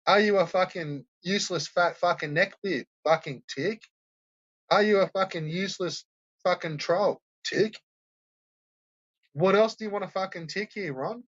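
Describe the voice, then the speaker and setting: A man's voice: high voice, normal speed, a bit bright, highs cut off. A man hosting a stream, ranting and mocking viewers with constant swearing. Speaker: host of a troll-reaction stream. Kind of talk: profane ranting commentary.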